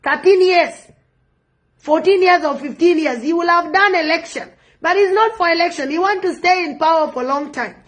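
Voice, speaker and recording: A woman's voice: very high voice, moderate pace. A South Sudanese woman with a South Sudanese accent giving impassioned political commentary, repeating phrases for emphasis. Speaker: online commentator.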